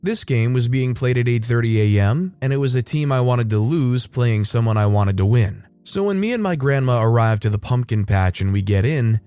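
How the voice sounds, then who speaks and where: A man narrates a story with a mellow, warm voice and lively delivery. Soft music plays faintly behind him. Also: medium pitch, normal speed, hardly any pauses, clear, resonant tone, no room sound. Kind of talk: scripted narration of reader stories.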